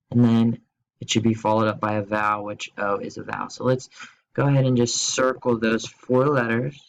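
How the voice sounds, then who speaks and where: Male teacher recording a home-school grammar lesson, mid-pitched, easygoing and jokey, spells things out slowly. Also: gravelly, a bit bright, low-quality recording. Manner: playful, asks quiz questions and jokes; slow, spelled-out explanations.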